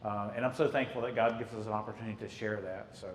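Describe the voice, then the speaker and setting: A man's voice: fairly low pitch, little pitch movement, fast talker, a little hiss or hum. A man giving a conversational church talk on marriage, mixing in anecdotes. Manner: conversational, tells anecdotes, acts out quotes. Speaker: marriage counselor. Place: church hall. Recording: echoey hall, faint ambience.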